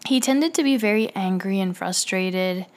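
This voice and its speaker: Woman telling clinic stories in a rambling, filler-heavy way, mid pitch. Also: moderate pace. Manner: rambling, with frequent fillers and restarts. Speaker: dialysis clinic staff member. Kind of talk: casual personal storytelling.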